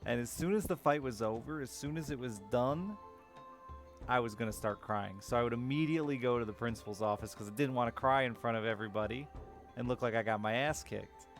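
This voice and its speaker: A man's voice: medium pitch, fairly quick, faint music behind. A man chatting casually and candidly with his stream viewers, openly talking about his feelings and swearing now and then. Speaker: live streamer.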